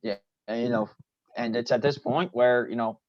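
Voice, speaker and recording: A man's voice: medium pitch, steady tone, normal speed, dry recording. Podcast guy chatting about an episode, lots of you know, dry muffled mic. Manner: loose, filler-heavy with lots of "you know". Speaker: podcast co-host. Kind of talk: casual show recap chat. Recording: dry, dull lo-fi sound.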